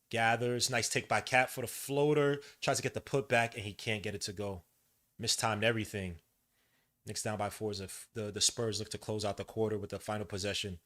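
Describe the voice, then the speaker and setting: Fired-up New man calling a game. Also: lowish voice. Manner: excitable, frustrated outbursts, slangy banter. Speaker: podcast host. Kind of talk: live watch-along play-by-play commentary.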